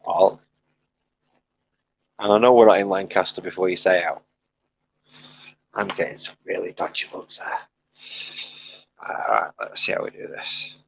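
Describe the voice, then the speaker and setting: A man's voice: sits low, unhurried, vocal fry, long pauses, highs cut off, a little hiss or hum. A man chatting casually on a live stream while he sets up his hobby gear, muttering to himself as he fiddles with things, on a wired headset. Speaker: streamer painting miniatures.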